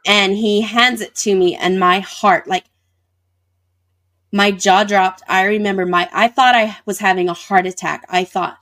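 A woman's voice: mid-range voice, fairly even intonation, unhurried, fairly bright tone. Woman telling a personal story. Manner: vivid retelling with acted-out dialogue. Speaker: interview guest.

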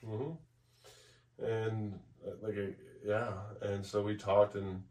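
A man co-hosting a podcast, telling a personal story in a blunt, profane, halting way, with many restarts. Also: fairly low pitch, level tone, darkish tone, recorded from a distance. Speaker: podcast co-host. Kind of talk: candid conversational storytelling.

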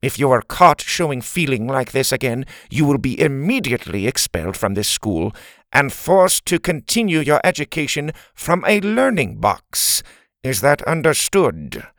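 A man's voice: mid-range voice, sing-song, moderate pace, a bit bright, dry recording, studio quality, pitched above the performer's own voice. A man voicing a cold, nasal alien school principal who lays down the rules. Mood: stern. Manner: cold, commanding. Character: stern, emotionless alien female principal.

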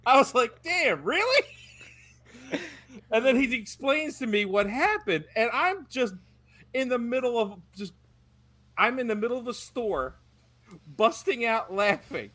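A married man on a casual podcast, excitedly retelling a funny exchange with a friend. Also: very high-pitched, measured pace. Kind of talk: casual chat.

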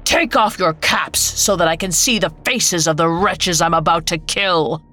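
A woman's voice: lowish voice, unhurried, bright, forceful tone. A woman voicing a stern, commanding storybook king who demands answers. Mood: stern, furious.

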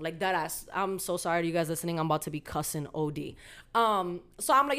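A woman's voice: lowish voice, fast. A young woman hosting a podcast, telling a story in casual, slangy and profane chat and acting out the other people's lines. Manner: animated, slangy and profane, acts out quoted dialogue. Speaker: podcast host.

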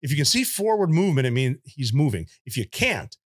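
A man with a somewhat high voice tells war stories bluntly and casually, with plenty of swearing. He brings the people in his stories to life by acting out their voices. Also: sing-song, a little fast, breathy edge. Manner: blunt, profane, vivid; acts out voices in anecdotes. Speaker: military veteran guest.

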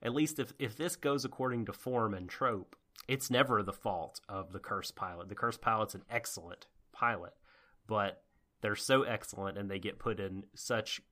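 A low-voiced man in casual podcast chat, mulling over an anime episode. He rambles thoughtfully with lots of fillers. His sentences often trail off into quieter asides. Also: normal speed. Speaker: podcast co-host.

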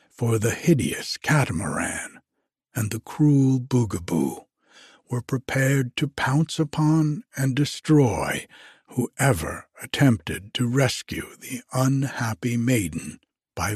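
A man reading an old fairy tale aloud in slow, measured phrases. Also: mid-range voice, darkish tone, breathy edge, no echo, clean studio sound. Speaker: narrator. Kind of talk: storybook reading.

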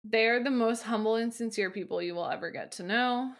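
A woman's voice: a little high, fairly quick, vocal fry. A young woman co-hosting a podcast, chatting casually and gushing with frequent laughter as she reads listener answers. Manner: giggly, gushing, laughs often. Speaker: podcast co-host.

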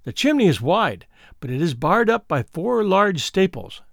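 A man reading the part of a frightened young woman who recounts her twin sister's death, in an earnest, measured storybook telling. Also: high-pitched, big pitch swings, gravelly, no echo, studio quality, exaggerated voice. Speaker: audiobook reader.

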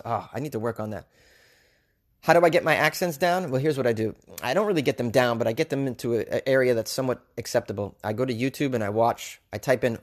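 A man's voice: medium pitch, fast. A man hosting his own podcast, a stand-up comic chatting casually and jokingly, rambling with lots of fillers. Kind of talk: casual solo podcast chat.

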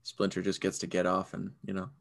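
Gravelly low-voiced man chatting. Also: a little fast. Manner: relaxed, rambling, lots of fillers. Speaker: podcast co-host. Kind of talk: casual chat.

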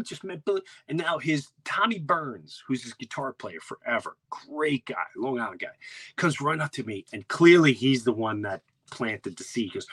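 A middle-aged man, hosting a podcast and telling an animated story, acting out quotes and dropping to hushed asides. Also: medium pitch, moderate pace, breathy edge, no room sound. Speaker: podcast host.

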